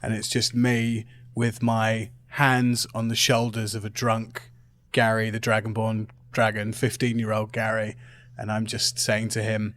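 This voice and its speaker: A man's voice: fairly low pitch, monotone, a little slow, fairly bright tone, no echo. A man playing his character in a tabletop game, chummy and reassuring. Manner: chummy, reassuring, laughing asides. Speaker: player voicing a parcel cannon engineer. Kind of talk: in-character tabletop role-play.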